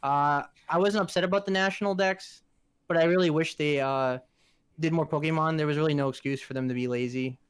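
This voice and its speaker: Smooth, dry-voiced man chatting casually. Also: on the high side, steady tone, fairly quick, no echo. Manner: chatty, rambling with many fillers and restarts. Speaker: podcast co-host. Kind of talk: casual podcast chat.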